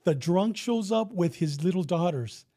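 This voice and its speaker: Animated middle-aged man spinning a yarn. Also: sits high, measured pace. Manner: animated, acts out quotes, swears freely. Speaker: retired police officer, guest. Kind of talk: casual storytelling.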